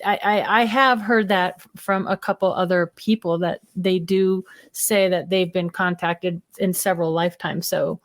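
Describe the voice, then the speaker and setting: A woman's voice: fairly low pitch, fairly even intonation, measured pace, few pauses, no room sound. A woman co-hosting an interview show, chatting in a reflective, conversational way. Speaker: co-host.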